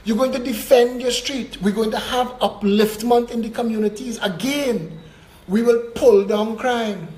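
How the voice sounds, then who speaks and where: A man's voice: extremely high pitch, a little slow, darkish tone, reverberant. A man giving an emphatic campaign speech as a political candidate. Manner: emphatic, declamatory, rising and dropping with emphasis.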